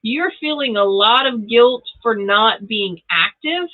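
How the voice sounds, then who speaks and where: A woman's voice: a little high, animated, takes it slowly. A middle-aged woman hosting a live tarot reading, chatty and laughing often as she talks straight to viewers. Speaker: tarot reader and channel host. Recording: tinny phone-like audio.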